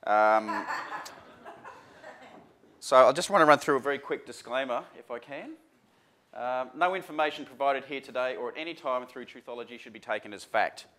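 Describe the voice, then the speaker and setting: A man's voice: mid-range voice, moderate pace, long pauses, fairly bright tone. A man presenting a workshop seminar to a live audience in a chatty, informal way, full of fillers and restarts. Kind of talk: casual workshop talk.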